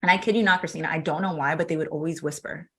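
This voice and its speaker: A woman in her thirties talking through her story for an interview. She acts out every back-and-forth as she goes and laughs along the way. Her voice is fairly low but bright and forward. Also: very fast. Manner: animated, acts out quoted dialogue, laughs often. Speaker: podcast guest.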